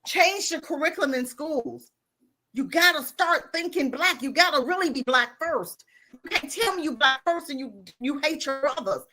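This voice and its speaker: A woman's voice: high voice, animated, moderate pace, sharp tone. A woman giving blunt, impassioned commentary as a guest on a podcast.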